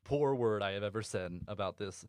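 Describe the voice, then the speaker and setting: Man, podcast host, casual book chat, animated delivery, frequent laughter, dry room. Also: on the low side, moderate pace, smooth, no room sound. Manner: animated, profane, laughs often.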